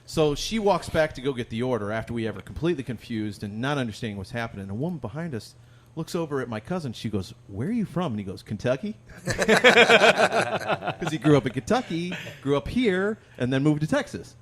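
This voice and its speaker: A man, a podcast co-host and songwriter, telling a long story in relaxed chat, laughing often. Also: mid-range voice, a little fast. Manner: rambling, animated storyteller who laughs often.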